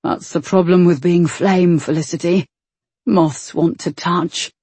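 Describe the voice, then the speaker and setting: A woman voicing a rough, ardent man in a romance audiobook, speaking in a hushed, teasing way. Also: lowish voice, steady tone, measured pace, no echo.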